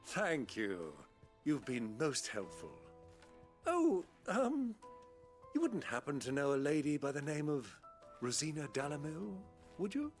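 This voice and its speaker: A man's voice: on the high side, huge pitch swings, measured pace, faint music behind, heavily acted. A man voicing the polite young male hero of a video game, speaking formally. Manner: courteous, formal.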